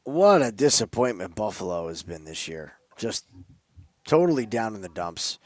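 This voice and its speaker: A man's voice: fairly low pitch, very animated, normal speed, no echo. A man co-hosting a sports betting podcast, giving emphatic, opinionated picks with playful asides. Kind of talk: casual sports betting chat.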